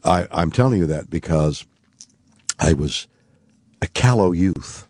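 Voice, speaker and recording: An older man, a radio show guest, telling a long story in a halting way, full of fillers and restarts. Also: low-pitched, expressive, darkish tone, no echo.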